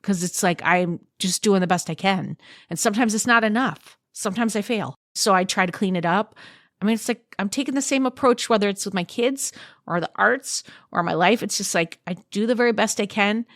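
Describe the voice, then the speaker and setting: A woman's voice: mid-range voice, fairly quick, dry recording, studio quality. A woman speaking as a podcast guest, talking frankly and reflectively, swearing freely as she chats. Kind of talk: candid conversational chat.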